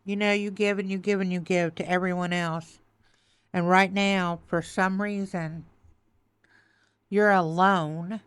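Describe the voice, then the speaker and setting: A woman's voice: fairly low pitch, fairly even intonation, measured pace, clear, resonant tone, no echo. A woman giving a tarot reading, choked up and tearful, repeating soothing affirmations. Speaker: tarot reader.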